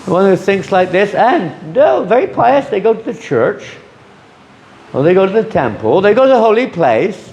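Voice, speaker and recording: A man gives a scripture class with a voice that rises and falls a lot. His tone is gravelly and a bit high, and he keeps breaking into the voices of the people he quotes. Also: normal speed, roomy sound, low-quality recording. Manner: lively, acts out quoted voices. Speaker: spiritual teacher.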